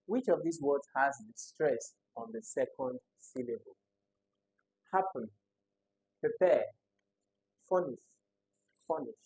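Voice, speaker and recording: A husky, slightly breathy tutor works through exam questions one at a time, saying each word aloud over and over to find where its stress falls. They think out loud and check each answer with a quick "right?". The voice sits in a middle pitch range. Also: expressive, no echo, poor audio.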